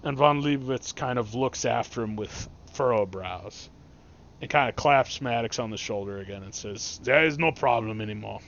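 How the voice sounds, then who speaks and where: A man's voice: medium pitch, moderate pace, a little hiss or hum. A man narrating as game master of a tabletop game, in casual, rambling speech over an online voice chat. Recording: dull lo-fi recording.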